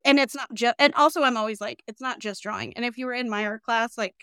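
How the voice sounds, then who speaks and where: A young woman hosting a casual interview, chatty and animated, peppering her talk with "like". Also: a little high, fast, clean tone, no echo, clean studio sound. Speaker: podcast host.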